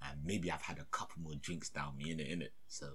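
A young man, casually telling a story and acting out the voices of the people in it. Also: fast talker. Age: young adult. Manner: animated, acts out voices with big pitch jumps and laughter.

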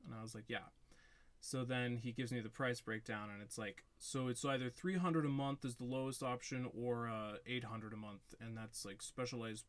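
A man's voice: mid-range voice, fairly even intonation, normal speed. A young man co-hosting a podcast, casually telling a story and acting out quotes. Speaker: podcast co-host. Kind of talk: casual chat.

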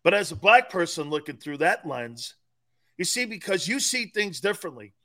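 His voice sits high and moves at a moderate pace as he trades stories on a sports talk show. The middle-aged co-host keeps it loose and profane, often laughing through his lively retellings.

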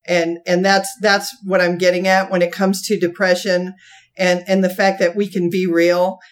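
A woman telling a long funny story from her church life in a folksy way, often laughing as she talks and jumping into high voices when she quotes people. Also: flat delivery, moderate pace. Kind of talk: animated storytelling chat.

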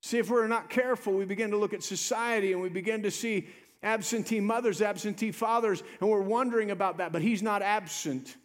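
A male pastor preaching a sermon, swelling into emphatic lines and dropping to quiet ones. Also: high-pitched, fairly quick.

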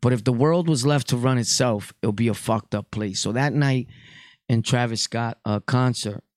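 A man's voice: mid-range voice, moderate pace, dry recording, studio quality. A Puerto Rican man hosting a podcast, delivering a blunt, profane casual monologue. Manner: blunt, profane street talk. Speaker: podcast host.

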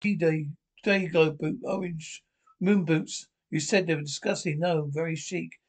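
Quick bickering sitcom banter. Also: male voice, on the high side, a little mellow. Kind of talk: British TV sitcom dialogue.

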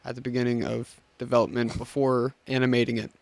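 A man in casual podcast chat, explaining in a halting way with restarts. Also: medium pitch, little pitch movement, vocal fry, no room sound.

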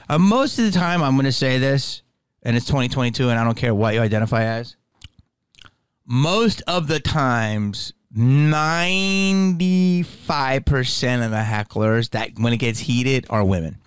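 A man's voice: medium pitch, clean tone, no echo. A man hosting a podcast who reacts to a clip with blunt, profane, rambling opinions. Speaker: podcast host. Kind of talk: podcast commentary.

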